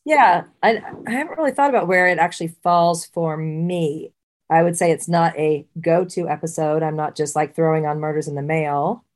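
A woman's voice: sits low, fairly even intonation, moderate pace. A woman co-hosting a casual podcast chat, talking freely and often restarting her sentences. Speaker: podcast co-host. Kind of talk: casual chat and trivia quizzing.

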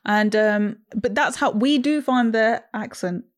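A woman's voice: fairly high pitch, a little slow. Chatty young British woman. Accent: British English. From England. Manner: chatty, reflective, frank. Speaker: podcast co-host. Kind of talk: casual film chat.

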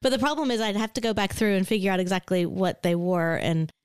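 A woman co-hosting a podcast, chatting casually in a relaxed, hedging way with fillers. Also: mid-range voice, quick pace, smooth, no echo, clean studio sound. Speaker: podcast co-host. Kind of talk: casual chat.

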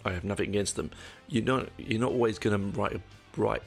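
A middle-aged podcast host speaks fairly quickly in a casual solo monologue, his voice very low and gravelly, with soft music playing faintly behind him. Rambling along, he trips on his words, corrects himself and tosses in dry remarks.

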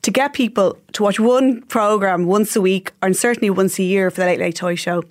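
An Irish woman, a journalist guest, explaining the business side in a measured, analytical way. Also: mid-range voice. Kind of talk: analytical commentary.

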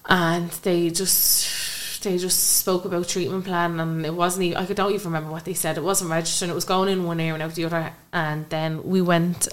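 A woman's voice: fairly low pitch, level tone, moderate pace. A young woman, a podcast guest, earnestly telling a personal story and acting out remembered dialogue.

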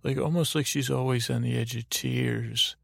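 A man's voice: medium pitch, fairly even intonation, normal speed, vocal fry, no echo, studio quality. A man hosting a podcast, telling a meandering bedtime story full of ums and restarts. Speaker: podcast host.

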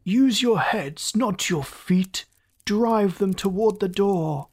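The narrator voicing a gruff, short-tempered male chief engineer who roars and snaps orders. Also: medium pitch, normal speed. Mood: angry. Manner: roaring, snapping commands.

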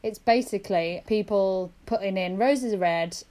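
A woman, co-hosting a casual podcast chat, telling stories quickly and laughing often. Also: medium pitch, mellow. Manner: chatty, laughing, quick storyteller. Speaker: podcast co-host.

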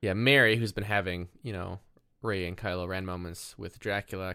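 A man's voice: deep voice, fairly bright tone, smooth, dry recording, clean studio sound. A man co-hosting a casual movie podcast, joking and laughing as he retells a film's plot. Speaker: podcast co-host. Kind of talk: casual movie-recap chat.

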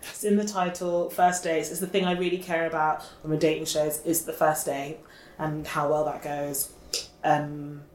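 A woman's voice: sits low, level tone, normal speed. A woman co-hosting a podcast, chatting in a gushing way and full of "like" and "oh my God". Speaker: podcast co-host. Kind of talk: casual chat. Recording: roomy echo, faint background hiss.

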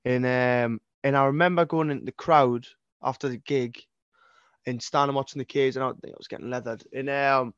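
A man's voice: medium pitch, steady tone, normal speed, clean tone, no room sound. Young Geordie man, sweary and rambling, restarts a lot, slightly muffled lo-fi recording, dry. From North East England. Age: 20s. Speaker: singer-songwriter guest. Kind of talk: casual interview chat.

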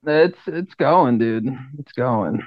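A man's voice: mid-range voice, lively intonation, takes it slowly, dry recording. Laid-back man on dull, dry call audio. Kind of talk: casual chat.

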